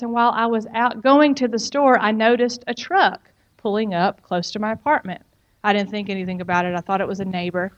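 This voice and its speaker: A woman's voice: medium pitch, highs cut off. A woman giving a personal testimony, telling her story frankly and turning to the listener with emphatic asides.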